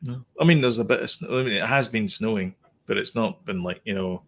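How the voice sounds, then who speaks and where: A man's voice: on the low side, fairly quick, gravelly, fairly bright tone. A man co-hosting a podcast in casual chat, explaining things in a rambling, self-correcting way. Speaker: podcast co-host.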